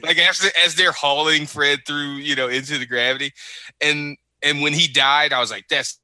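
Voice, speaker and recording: A man co-hosting a podcast, chatting casually and excitedly about a TV episode. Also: fairly high pitch, normal speed, no room sound. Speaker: podcast co-host. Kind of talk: casual TV recap chat.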